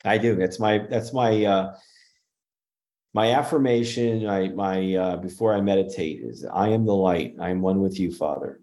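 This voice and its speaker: A man's voice: sits low, moderate pace, dark tone. A man talking earnestly as a guest about spirituality and his paranormal work, with many restarts. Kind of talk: casual interview chat.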